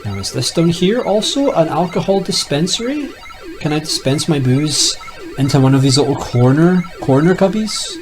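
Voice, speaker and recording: A man's voice: fairly high pitch, big pitch swings, moderate pace, over music, poor audio. A young man giving casual, jokey commentary as he plays retro games, rambling and talking to himself. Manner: rambling, jokey, talks to himself while playing. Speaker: retro gaming youtuber.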